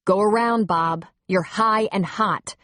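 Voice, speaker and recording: A woman's voice: medium pitch, slow pace, fairly bright tone, no room sound, clean studio sound. A woman voicing a firm female airline captain who speaks in clipped, commanding phrases.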